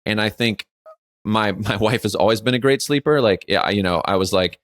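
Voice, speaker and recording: A man in his forties co-hosts a podcast, telling stories in casual chat as an animated storyteller who acts out quotes and frequently says "like." His voice is lowish and at normal speed, with no room sound.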